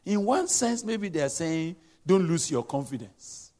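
A man preaching a sermon, emphatic and repetitive, swinging between loud exhortation and hushed asides. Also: on the high side, expressive, a little slow.

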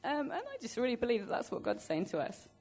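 A woman sharing a gentle, encouraging reflection in a church group. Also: on the high side, huge pitch swings, faint music behind. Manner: gentle, reads lyrics slowly, then speaks encouragingly.

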